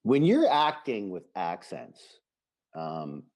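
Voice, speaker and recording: A man's voice: deep voice, huge pitch swings, takes it slowly, a little mellow. A man co-hosting a casual podcast chat, enthusiastic and acting out quoted lines of dialogue. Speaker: podcast co-host.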